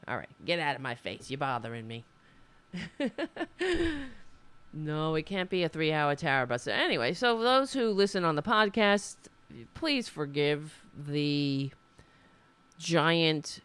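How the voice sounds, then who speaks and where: A woman's voice: deep voice, clean tone. A woman hosting a casual political livestream, talking in a rambling, indignant way with frequent restarts. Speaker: livestream host.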